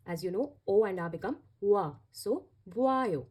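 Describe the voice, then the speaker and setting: A woman's voice: mid-range voice, animated, normal speed, few pauses, darkish tone, breathy edge. A woman teaching a language lesson, explaining patiently and repeating each step.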